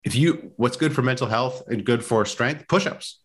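A man's voice: mid-range voice, moderate pace, husky. A man co-hosting a casual podcast chat, opinionated and fond of handing out tips. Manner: opinionated, gives tips, repeats himself. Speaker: podcast co-host.

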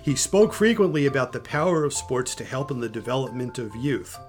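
An older man, a podcast host and grandfather, telling stories in a casual, animated way and often restarting his sentences. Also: mid-range voice, a little fast, soft background music. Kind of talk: casual storytelling chat.

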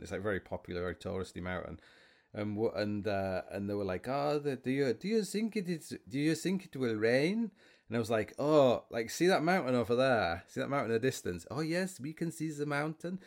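A man's voice: fairly low pitch, darkish tone. A man hosting a podcast, telling rambling, self-mocking stories in a casual monologue. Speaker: podcast host.

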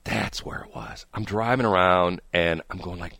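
A man's voice: sits low, sing-song, normal speed, vocal fry, bright, forceful tone, dry recording. A man hosting a radio talk show, chatting casually and rambling with jokes and restarts. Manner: rambling, joking, frequent restarts.

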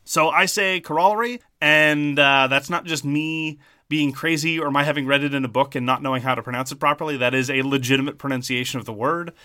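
Podcast co-host, male, Montreal Irish Anglo accent; bright, dry close sound; wry, fussy about words. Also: mid-range voice, steady tone, fairly quick, no echo. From French Canada. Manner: wry, wordy and pedantic. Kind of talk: casual podcast chat.

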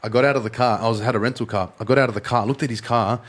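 A man with an Australian accent telling animated stories in a casual chat and swearing freely. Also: mid-range voice, racing.

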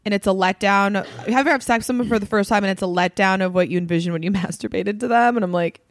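A woman's voice: mid-range voice, fast. A woman comedian in casual podcast chat, telling meandering stories that trail off and restart. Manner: rambling storyteller, trails off and restarts.

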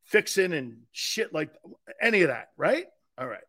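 A man's voice: a little high, sing-song, normal speed, fairly bright tone. A middle-aged man hosting a sports talk show, telling brash, joking stories and acting out the quotes. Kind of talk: animated sports radio monologue.

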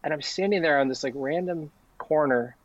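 A man's voice: fairly high pitch, brisk, no room sound, dull audio. A man, a podcast guest, telling stories casually and animatedly, acting out the lines people said to him. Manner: animated, acts out quoted dialogue. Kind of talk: casual storytelling.

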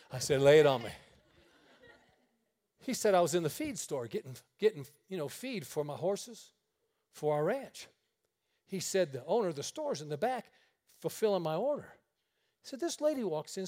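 A high-voiced male preacher tells his stories from the pulpit. He acts out every exchange, shifting his voice for each person in the tale. The sermon is delivered for a radio broadcast. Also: brisk. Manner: animated storyteller acting out dialogue. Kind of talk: sermon storytelling.

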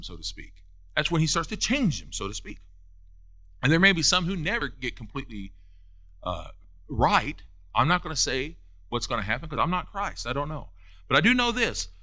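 Man preaching a sermon, very lively pitch, bright edge, emphatic repetitions. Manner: preaching with rising emphatic peaks and quick repetitions.

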